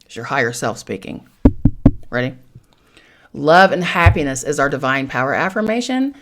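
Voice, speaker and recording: A woman with a low, deep voice reads tarot cards in casual chat. She talks in an animated, profane way, jumping between loud outbursts and quiet, muttered asides. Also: normal speed, very noisy. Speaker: podcast host reading tarot.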